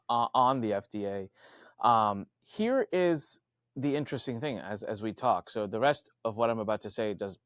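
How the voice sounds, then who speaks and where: Animated man telling a story. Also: no room sound, studio quality. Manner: animated, acts out quoted voices with big pitch jumps. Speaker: podcast guest, marketing coach. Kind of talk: conversational storytelling.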